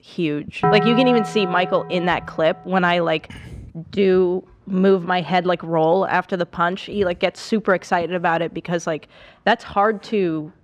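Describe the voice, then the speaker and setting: A woman's voice: lowish voice, normal speed, faint music behind. A woman answering interview questions casually, with many fillers. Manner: casual, uses many likes. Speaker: interview guest.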